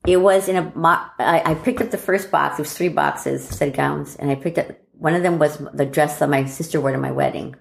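Middle-aged woman storyteller, low voice with wide swings, echoey room. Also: gravelly. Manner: animated, acts out family members' lines. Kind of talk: casual personal storytelling.

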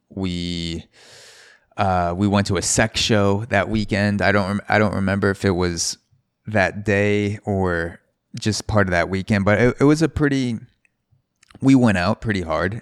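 Deep-voiced man rambling a podcast story. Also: clear, resonant tone, dry recording, studio quality. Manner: rambling, casual, self-correcting. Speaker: podcast host.

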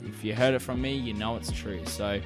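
A man's voice: lowish voice, steady tone, fairly quick, music in the background. An Australian man hosting a solo podcast, ranting and rambling with constant swearing. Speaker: podcast host.

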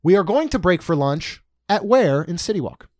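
A man's voice: high voice, sing-song, normal speed, darkish tone, no room sound, studio quality. A man co-hosting a podcast in casual chat, reading out prices with jokey asides. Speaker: podcast co-host. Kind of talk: casual podcast chat about theme park costs.

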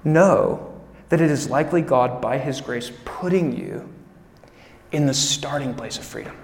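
A male pastor preaching a live sermon, animated, acting out his listeners' voices and rushing through asides. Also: mid-range voice, big-room sound. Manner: animated, acts out congregants' voices, speeds up on asides. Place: church sanctuary.

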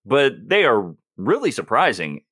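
A man's voice: medium pitch, huge pitch swings, a little slow, a bit bright, breathy edge, dry recording, studio quality, exaggerated voice. A man playing a flustered, bashful young male spy in an improvised tabletop role-play.

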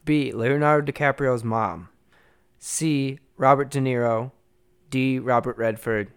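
A man's voice: mid-range voice, steady tone, measured pace, clean tone. A man co-hosting a casual movie podcast, joking and reading out trivia questions. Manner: runs trivia quizzes, joking. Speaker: podcast co-host.

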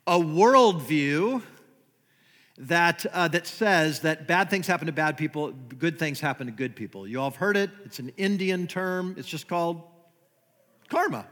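A man's voice: high voice, sharp tone, in a large hall. A man preaching a sermon in a church, conversational, with many rhetorical questions and repeated words. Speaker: guest preacher. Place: church sanctuary.

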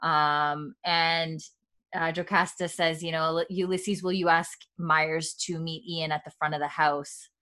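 A woman's voice: deep voice, little pitch movement, measured pace, pushed and bright. A woman hosting a casual podcast chat, retelling scenes with quoted lines, many fillers and frequent laughs. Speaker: podcast host recapping a TV episode.

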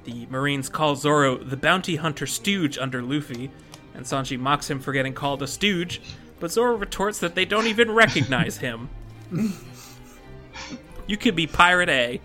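A man's voice: fairly high pitch, moderate pace, sharp tone, soft background music. A man hosting a casual chat show, reading out plot recaps and laughing often. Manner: laughs often, reads recap points between jokes. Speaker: podcast host recapping a manga.

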